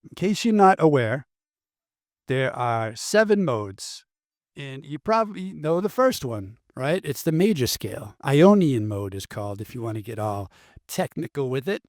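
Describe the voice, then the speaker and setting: A man giving a relaxed, chatty guitar lesson, full of fillers and quick asides. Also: medium pitch, dry recording, clean studio sound. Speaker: guitar teacher.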